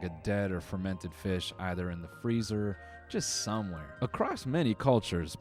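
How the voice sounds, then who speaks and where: Guy with a lowish voice rambling through funny clip commentary, faint music under it. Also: darkish tone. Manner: rambling, wry, with frequent fillers and restarts. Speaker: comedian host reacting to clips. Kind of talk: casual comedic commentary.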